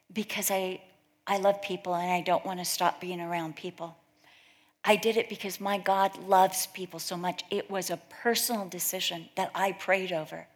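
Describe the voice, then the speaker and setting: A middle-aged woman from California giving an informal talk to a women's Bible study, chatty and full of anecdotes where she acts out what other people said. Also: mid-range voice. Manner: chatty storytelling, acts out quoted voices.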